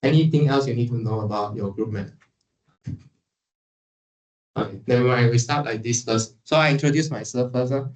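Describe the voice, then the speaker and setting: A man's voice: medium pitch, moderate pace, pauses often, darkish tone. A man from Sarawak, lecturing a class in a chatty way and dropping frequent "ah" fillers. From Sarawak, Malaysia. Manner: chatty, many "ah" fillers, joking with students. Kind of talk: classroom lecture, casual instructions. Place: university classroom. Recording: echoey classroom, far from mic.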